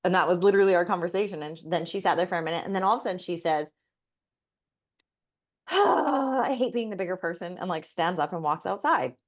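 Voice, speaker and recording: Candid, low-voiced woman telling a story. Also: racing, hardly any pauses. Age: middle-aged. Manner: candid, swears freely, frequent "like" fillers. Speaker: podcast co-host. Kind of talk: casual storytelling chat.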